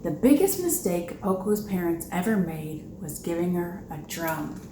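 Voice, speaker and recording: A woman's voice: lowish voice, very animated, a little slow. A children's librarian leading a preschool storytime, upbeat and chatty, asking the little ones questions as she explains. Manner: upbeat, talks to young children, asks questions. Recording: echoey room with background noise.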